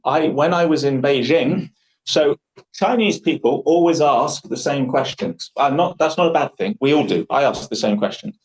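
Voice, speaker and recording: A man's voice: medium pitch, moderate pace, low-quality recording. A man with an English accent hosts a public speaking workshop in a chatty, jokey storytelling way. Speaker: workshop host. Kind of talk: casual workshop hosting.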